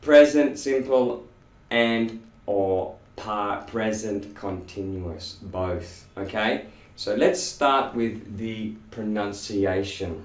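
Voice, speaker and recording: A man teaching English pronunciation in a classroom, slowly drilling sounds and words with lots of repetition. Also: fairly low pitch. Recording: echoey room, voice from far off.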